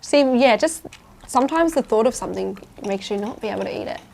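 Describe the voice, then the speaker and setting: A woman's voice: fairly high pitch, lively intonation, a little fast, creaky, darkish tone, a little hiss or hum. A woman vlogging outdoors over dinner, chatty and laughing easily in casual conversation. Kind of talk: casual chat while eating.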